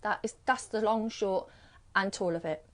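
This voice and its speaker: Her medium-pitched voice is steady and a bit bright, moving at a moderate pace. She's a middle-aged woman with a British accent, hosting a live stream and reading cards while she rambles casually through rhetorical questions.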